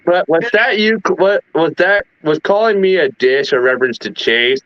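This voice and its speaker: Eager co-host with a halting delivery. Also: male voice, a little high, fairly bright tone, dry recording. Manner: eager, halting, restarts sentences. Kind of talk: casual chat. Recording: dry dull lo-fi audio.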